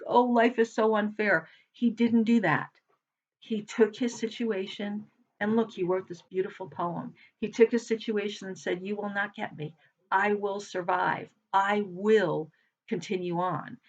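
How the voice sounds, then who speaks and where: Earnest woman motivational speaker, lowish voice, muffled lo-fi recording, casual lesson. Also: fairly bright tone. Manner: earnest, repeats phrases for emphasis, quoting lines of a poem. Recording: dull lo-fi sound.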